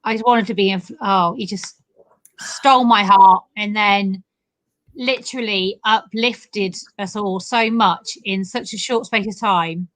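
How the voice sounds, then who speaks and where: A woman's voice: mid-range voice, fairly even intonation, measured pace, a bit bright, dry recording, poor audio. Chatty woman, dry close sound. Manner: chatty, laughs often, teasing. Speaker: co-host of online festival livestream. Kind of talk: casual chat.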